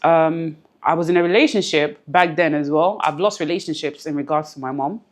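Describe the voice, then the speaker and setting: A woman's voice: sits low, brisk. A woman guest in an interview, talking earnestly and reflectively about something personal, often repeating phrases for emphasis. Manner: close to tears at times.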